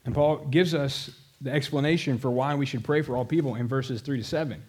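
A man in his middle years preaching, mixing personal stories with calls to prayer. His delivery is emphatic and direct, and his pitch sits at an ordinary middle height for a man. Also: brisk, darkish tone, husky. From American South. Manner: storytelling, emphatic, addresses the congregation directly. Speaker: pastor. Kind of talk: sermon.

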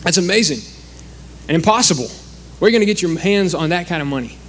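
A man's voice: sits high, expressive, quick pace, a little hiss or hum. A man preaching a sermon in a conversational way, acting out the quoted speakers.

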